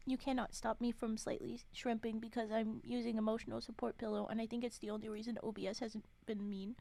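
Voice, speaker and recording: A woman's voice: a little high, gravelly, a little mellow. Chatty woman streamer reading folktales aloud. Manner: chatty, swears and laughs, interrupts the reading with comments.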